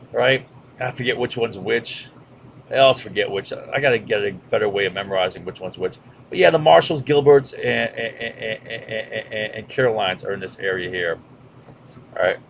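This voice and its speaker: A man's voice: medium pitch, vocal fry, slight background noise. A man giving a casual history lecture over a map, with lots of fillers and "right?" checks. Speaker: history teacher.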